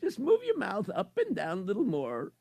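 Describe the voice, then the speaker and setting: A man's voice: sits high, huge pitch swings, moderate pace, vocal fry, darkish tone, no echo, clean studio sound, exaggerated voice. A man voicing a jolly male court doctor who laughs at his own jokes and brushes patients off. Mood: amused.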